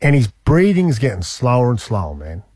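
Husky man spinning a yarn. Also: medium pitch, normal speed, dry recording. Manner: animated, slangy, acts out quotes. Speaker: radio host. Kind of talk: casual storytelling on radio.

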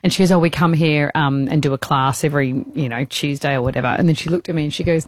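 A woman's voice: deep voice, steady tone, fast, no room sound. A woman, co-hosting a radio show and telling a story in a chatty, giggly way. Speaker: radio host. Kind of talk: casual radio banter.

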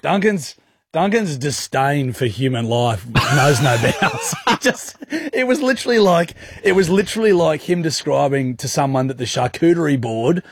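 A man's voice: fairly high pitch, husky, no room sound. An Australian man co-hosting a radio show, bantering casually and laughing often. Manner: lively, quick to laugh, jokey. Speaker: radio co-host. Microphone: studio microphone.

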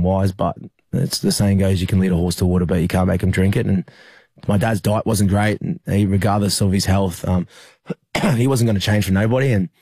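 A young Australian man, a rugby league player, telling a personal story in an interview, halting with many fillers and restarts. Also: deep voice, mellow, slightly rough, no room sound.

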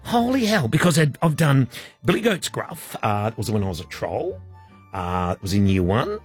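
A man's voice: medium pitch, sing-song, moderate pace, breathy edge, soft background music. A man with an Australian accent hosting a comedic radio show, joking and laughing at himself. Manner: joking, self-mocking, laughs often. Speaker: radio breakfast host.

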